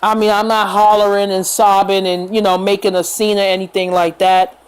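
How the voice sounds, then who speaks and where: A woman vlogger talking to the camera in a casual, earnest and reassuring way, unhurried, with fillers and pauses. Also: medium pitch, flat delivery, clear, resonant tone, rough recording.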